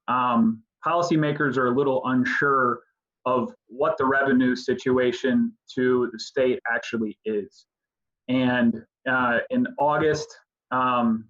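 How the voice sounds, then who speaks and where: A man giving a policy briefing at a virtual town hall, talking fast with many fillers and restarts over a video call. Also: medium pitch, fairly bright tone. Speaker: state legislative policy advisor. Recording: dull lo-fi video call audio.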